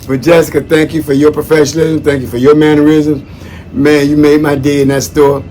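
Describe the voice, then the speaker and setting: A man giving friendly shout-outs in a chatty, folksy monologue that wanders off on tangents. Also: a little high, flat delivery, a little fast, a little hiss or hum. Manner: chatty, folksy, digressive, calls listeners "man". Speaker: former social worker. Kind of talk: casual rambling monologue.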